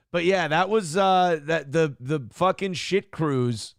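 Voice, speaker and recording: A man's voice: fairly high pitch, slow pace, gravelly, hardly any pauses, dry recording, clean studio sound. A man co-hosting a morning talk show, trading crude jokes and mock voices in casual banter. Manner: profane, jokey, does mock voices. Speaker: co-host.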